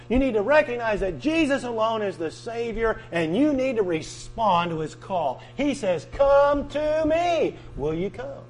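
Male preacher, high-pitched, insistent, repetitive sermon delivery; mains hum on the recording. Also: low-quality recording. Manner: emphatic, repeating and drawing out key words, swinging from loud to soft.

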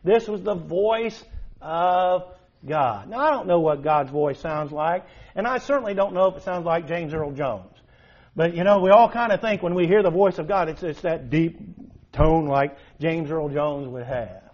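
A man preaching a sermon in an animated way, with emphatic rises and rhetorical questions. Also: on the high side, normal speed. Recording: dull lo-fi recording.

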